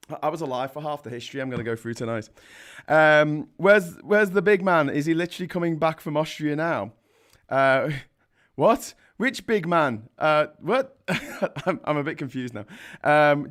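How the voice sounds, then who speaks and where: A man in his forties with a slightly raised pitch hosts a relaxed history live stream. He reads out viewer comments and jokes between points. His talk is loose and full of restarts. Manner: chatty and jokey, with many restarts. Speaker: history show host. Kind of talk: casual live-stream talk, reading out chat.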